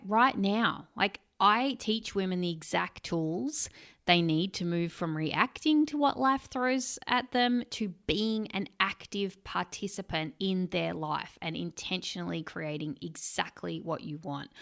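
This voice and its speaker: A woman hosting an interview podcast and coaching her listeners, speaking in an effusive, encouraging way. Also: fairly low pitch.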